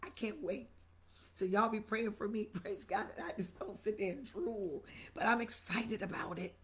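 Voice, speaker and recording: A woman's voice: mid-range voice, moderate pace, a bit bright. A middle-aged woman bishop, preaching on a livestream sermon with exuberant repetition and greeting viewers by name.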